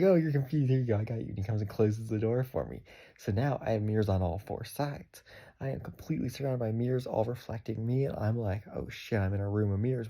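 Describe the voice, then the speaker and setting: Gravelly young man telling a rambling story. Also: medium pitch. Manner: rambling, animated retelling with many quoted asides. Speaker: vlogger. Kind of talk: casual storytelling.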